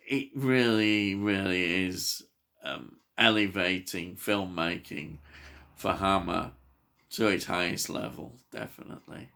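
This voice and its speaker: Low, creaky male reviewer, unhurried and halting, eager about the film. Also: pushed and bright. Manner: hesitant, many fillers and restarts; enthusiastic. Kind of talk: casual film review chat.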